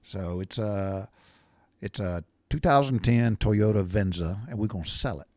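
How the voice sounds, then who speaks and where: A middle-aged man, telling a rambling, blunt story in a casual monologue and often clearing his throat. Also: on the low side, a little slow, a little mellow, no room sound, studio quality. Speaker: podcast host.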